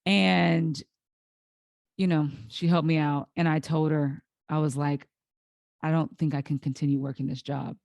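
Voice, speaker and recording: A woman's voice: sits low, flat delivery, a little slow, vocal fry, darkish tone, no echo. A woman hosting a solo podcast, telling her own story in a candid, emotional way, close to tears at times and full of restarts and fillers. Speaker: podcast host.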